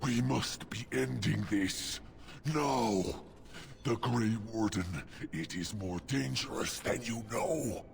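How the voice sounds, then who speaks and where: An actor voicing a scheming male demon in a video game, speaking in a slow, ominous, formal way. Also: medium pitch, creaky.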